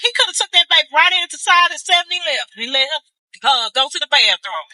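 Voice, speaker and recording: A woman's voice: high-pitched, quick pace, dry recording, low-quality recording. A woman, chatting casually to her viewers in a vlog recorded in her car. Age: 50s. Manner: chatty, animated, calls viewers baby. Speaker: vlogger. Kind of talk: casual chat.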